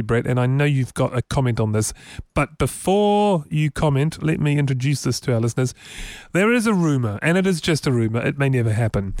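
A man's voice: medium pitch, no room sound, studio quality. A man with a New Zealand accent co-hosting a casual tech podcast, chatty and rambling, laughing often. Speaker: podcast co-host.

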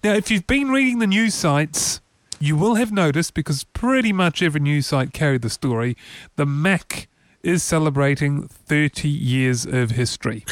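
A man's voice: a little high, expressive, moderate pace, no room sound. A man hosting a casual tech podcast from a studio, talking in a loose, chatty way with frequent restarts. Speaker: podcast host.

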